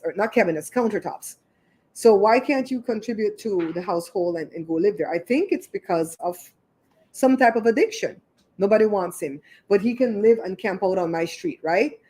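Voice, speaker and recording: A woman's voice: medium pitch, mellow, breathy edge. A woman hosting her own livestream, chatting casually and retelling a neighborhood story with lots of asides. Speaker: show host.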